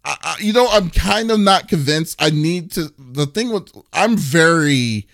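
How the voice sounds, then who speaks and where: A man's voice: on the high side, lively intonation, a little slow, vocal fry, fairly bright tone, no room sound, studio quality. A man co-hosting a gaming podcast, talking casually and rambling with many fillers and restarts. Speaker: podcast co-host. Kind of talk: casual chat.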